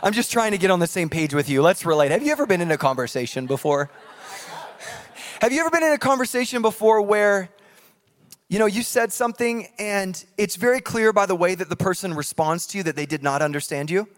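A man preaching a sermon in a church, animated and jokey, acting out voices from scripture. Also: sits high, fairly quick. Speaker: pastor. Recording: long hall reverb.

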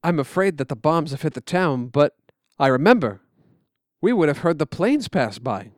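A man with a somewhat high voice narrates a scripted story. He speaks in a quiet, measured way. The recording is dry and close. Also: sing-song, no room sound.

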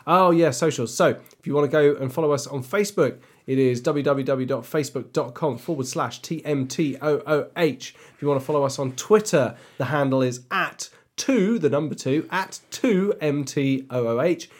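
Relaxed male podcast host, casual sign-off tone. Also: a little high, moderate pace, hardly any pauses. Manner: relaxed, laughs often, spells out handles. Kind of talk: casual chat.

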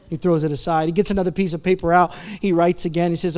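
A man's voice: fairly high pitch, flat delivery, a little fast, clear, resonant tone. A man, a pastor giving a chatty, casual sermon in church. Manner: casual, chatty preaching with self-interruptions.

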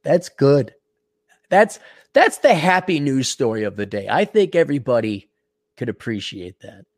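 An older man hosting a podcast while sick, clearing his throat often, ranting sarcastically and profanely and reading out donor messages. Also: mid-range voice, sing-song, a little slow, dry recording, clean studio sound. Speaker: podcast host. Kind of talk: casual ranting monologue.

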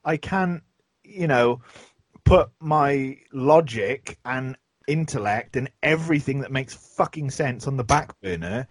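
A man's voice: medium pitch, unhurried, breathy edge, no echo. A man, chatting casually and telling rambling stories with plenty of swearing. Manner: swears a lot, rambling storyteller. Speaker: podcast host. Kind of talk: casual chat.

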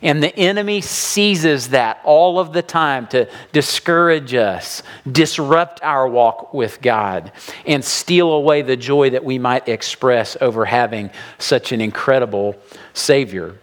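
A man preaching a sermon to his congregation, animated and acting out the voices of people he quotes. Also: medium pitch, a little slow. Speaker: pastor.

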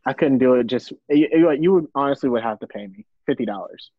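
A man's voice: mid-range voice, animated, fast, no echo. Easygoing young guy on a podcast, dry dull sound, laughs a lot. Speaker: baseball player guest. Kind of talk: casual interview.

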